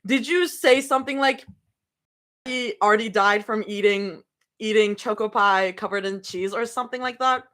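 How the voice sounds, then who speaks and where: A young woman streams from her home room, talking casually and rambling between snacks during a live reading. Her medium-pitched voice has a fairly bright tone and moves at a moderate pace.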